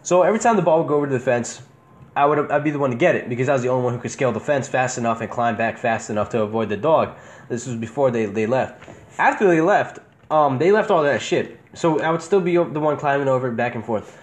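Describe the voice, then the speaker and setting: A young man spins childhood stories in a casual podcast chat. He curses freely and keeps breaking into laughter. His voice sits at an ordinary middle pitch. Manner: laughs often, swears freely, animated storytelling. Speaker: podcast host.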